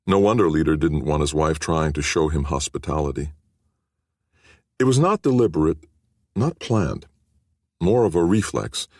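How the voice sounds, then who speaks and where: A man narrating an audiobook with expressive storytelling. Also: a bass voice, slightly rough, no echo, studio quality. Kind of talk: scripted narration.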